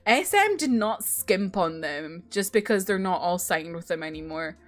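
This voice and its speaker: A woman's voice: lowish voice, animated, moderate pace, faint music behind. A young woman casually chatting as she ranks her favorite songs, rambling and gushing with lots of fillers and restarts. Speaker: K-pop video creator. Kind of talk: casual chat ranking songs.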